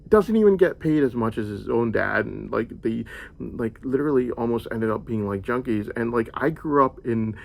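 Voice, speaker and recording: A young man from the United States speaks in a rambling personal monologue. His middle-pitched voice has a gravelly, creaky edge. He drifts from point to point, peppering his story with "like.". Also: expressive, normal speed. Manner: meandering storytelling, heavy use of "like".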